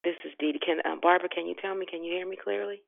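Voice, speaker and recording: A woman's voice: lowish voice, steady tone, rapid-fire, vocal fry, no room sound. Exuberant woman on a phone line. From Richmond, Virginia. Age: 50s. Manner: exuberant, folksy, laughs often. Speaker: prayer call host. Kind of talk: devotional talk on a prayer call. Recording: tinny phone line, dry.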